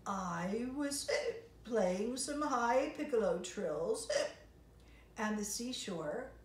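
A woman voicing a hiccuping male pelican making halting excuses. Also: mid-range voice. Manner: halting, hesitant. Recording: roomy, distant mic.

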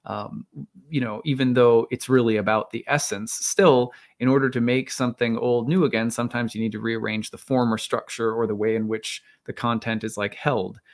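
A man's voice: mid-range voice, steady tone, normal speed. Rambling man musing on his own. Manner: rambling, many fillers and restarts. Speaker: astrologer. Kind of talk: casual monologue.

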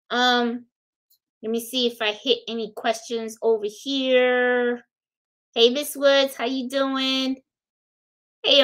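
A woman from Puerto Rico hosts a relaxed crafting livestream, her voice sitting a little on the high side. She chats freely, muses aloud over her designs and warmly calls out viewers by name. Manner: chatty, thinks aloud, greets viewers by name. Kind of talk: casual live-stream chat.

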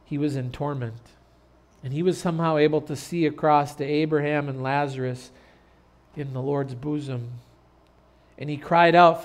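A man pastor preaching an earnest sermon in a church, turning loud and dramatic when telling a story. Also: medium pitch. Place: church sanctuary.

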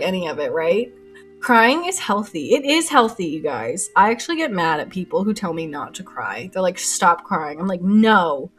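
A young woman chatting casually on a live art stream, rambling and giggling as she reads chat aloud. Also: on the high side. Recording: faint music under voice. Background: soft lo-fi music.

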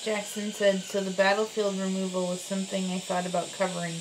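A woman's voice: mid-range voice, completely flat delivery, a little fast, noisy background. Giggly woman in her twenties. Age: 20s. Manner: giggly, reads viewer comments aloud. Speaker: co-host reading chat. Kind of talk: casual livestream chat.

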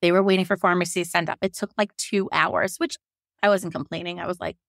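A woman in her thirties telling her own story in a casual, animated way, quoting herself and others and laughing often. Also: lowish voice, fast talker, gravelly, no echo, studio quality. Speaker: podcast guest telling her birth story.

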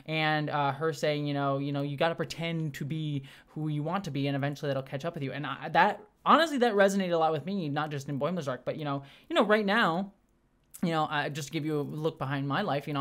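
A young adult host rattles through a casual solo review at high speed, in a mid-range voice. The talk gushes, full of fillers, restarts and quick asides. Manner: gushing, fast-talking, many restarts and fillers. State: briefly teary. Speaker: show host reviewing episodes.

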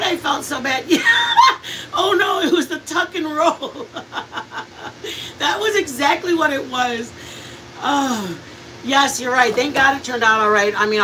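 A woman's voice: a little high, far from the mic, a little hiss or hum, rough recording. A woman hosting a cooking stream, chatting and laughing as she tells family stories. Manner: chatty, laughing, animated storyteller. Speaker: cooking channel host. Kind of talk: casual storytelling while cooking on a live stream.

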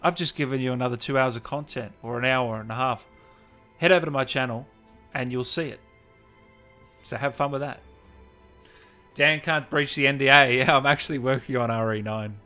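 A man's voice: mid-range voice, sharp tone. A man hosting a gaming livestream interview, chatting casually, reading out viewer comments and laughing often.

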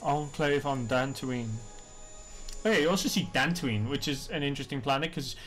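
A man's voice: medium pitch, normal speed, a bit bright, faint music behind. A man casually commenting on a game he is playing, playful and chatty, humming and making sound effects. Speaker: streamer.

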